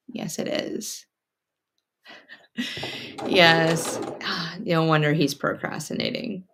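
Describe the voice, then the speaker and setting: Speaking slowly with frequent pauses, a woman from North Carolina chats with viewers during a casual quilting livestream from her home sewing room. Her voice is low, steady and a bit bright, she reads comments aloud as she sews, and a sewing machine can be faintly heard.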